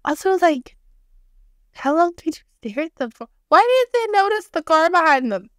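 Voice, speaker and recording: High-voiced woman podcast co-host. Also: lively intonation, fairly bright tone, no echo, studio quality. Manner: quick wry reactions to a friend's story. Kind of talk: casual chat.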